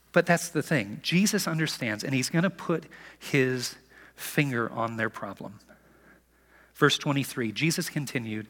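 A man preaching a sermon as pastor, animated and conversational, acting out the lines he quotes. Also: medium pitch, moderate pace, in a large hall.

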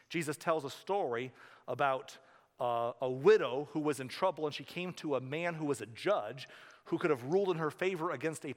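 A male pastor preaching a sermon in a church, conversational and animated, telling stories with asides. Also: on the high side. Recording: reverberant hall.

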